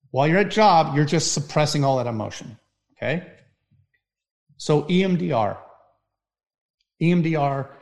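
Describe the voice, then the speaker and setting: A middle-aged man talks as a firefighter sharing his stories. He keeps checking in with his listener, punctuating points with "right?". His voice sits at an ordinary middle pitch. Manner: animated storyteller, frequent "right?" tags. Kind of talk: storytelling talk.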